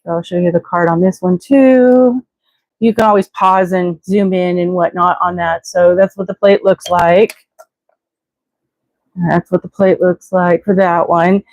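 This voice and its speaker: A woman's voice: on the low side, fairly even intonation, unhurried, a little mellow, no room sound. Chatty woman rambling on a livestream. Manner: chatty, digressive, many fillers and restarts; acts out quoted voices with exclamations. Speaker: livestream host. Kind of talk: casual rambling livestream chat.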